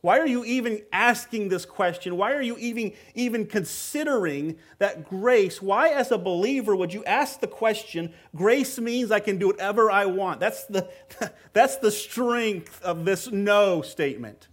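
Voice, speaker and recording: A man's voice: high-pitched, expressive, unhurried. A man preaching a sermon as pastor, in a conversational but emphatic way, often repeating words as he presses a point.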